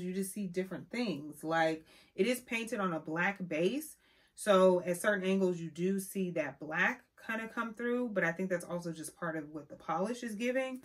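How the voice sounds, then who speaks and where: Young woman, beauty vlogger, sassy, expressive, chatty, mid-pitched voice. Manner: sassy, expressive, calls viewers honey. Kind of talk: casual product review.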